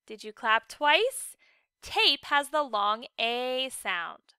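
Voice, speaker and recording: A woman's voice: on the high side, big pitch swings, sharp tone, smooth, dry recording, clean studio sound. A woman teacher giving a recorded phonics lesson for children, patient and encouraging, drawing out each word with exaggerated care. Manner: slow, exaggerated enunciation of words.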